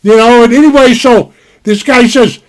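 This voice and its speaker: A man's voice: extremely high pitch, normal speed. An older man from Montana telling a rambling, folksy anecdote at home, packed with "you know" asides. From Montana, USA. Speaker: storyteller. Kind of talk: casual spoken anecdote. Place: home desk. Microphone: desktop mic.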